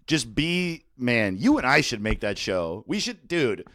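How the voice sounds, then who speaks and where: A man's voice: mid-range voice, big pitch swings, a little slow, a bit bright, no echo, studio quality. A man co-hosting a casual comedy podcast, crude and profane, laughing often.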